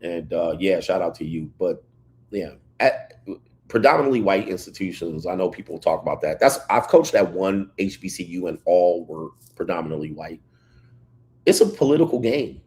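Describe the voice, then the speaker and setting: A man hosting a casual livestream, reading chat comments and telling stories in an animated way. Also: low voice, normal speed. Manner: animated storytelling, reads chat comments aloud. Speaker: livestream host.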